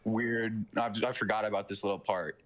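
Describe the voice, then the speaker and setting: A man's voice: lowish voice, steady tone, moderate pace, fairly bright tone. Young man rambling through a story. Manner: rambling retelling full of fillers and swearing. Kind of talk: casual chat.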